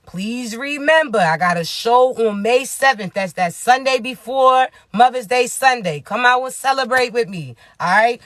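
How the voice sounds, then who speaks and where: A woman who works as a spiritual advisor, giving a casual, animated pep talk full of slang, preaching at times and often laughing. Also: fairly high pitch, normal speed, few pauses, no echo, clean studio sound.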